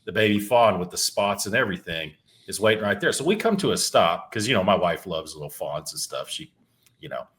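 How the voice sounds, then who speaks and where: Middle-aged guy rambling thru a story on a podcast, kinda low voice, cusses a lot, keeps restarting words. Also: lively intonation, brisk, a bit bright. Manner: rambling, loose, swears freely, restarts words. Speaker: podcast co-host. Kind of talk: casual storytelling. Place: home.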